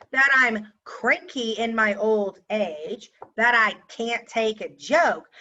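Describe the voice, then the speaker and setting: Woman, storytime vlogger, indignant and sarcastic; bright tone, dull home-recorded sound. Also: a little high. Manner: sarcastic, indignant, talks straight to viewers. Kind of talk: storytime rant to camera.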